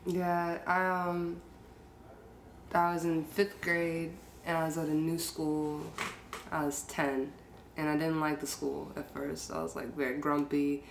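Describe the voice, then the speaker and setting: A woman hosting a podcast, telling stories in a relaxed, casual way and laughing easily. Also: deep voice, a little slow. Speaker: podcast host. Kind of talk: casual conversation. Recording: roomy echo, faint noise.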